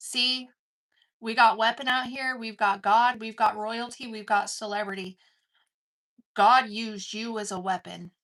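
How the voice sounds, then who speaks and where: A woman's voice: on the high side, fairly even intonation, a little slow, fairly bright tone. A woman giving an intense collective tarot reading, swearing casually and calling the listener "dude". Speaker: tarot card reader.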